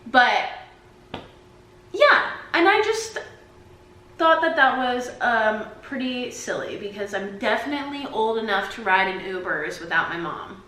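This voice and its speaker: A woman's voice: fairly high pitch, sing-song, a little slow, bright, forceful tone, reverberant, low-quality recording. A woman in her twenties vlogging to her camera, telling stories in a chatty way full of "like". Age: 20s. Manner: chatty, peppered with "like". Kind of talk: casual storytelling to camera. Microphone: camera mic.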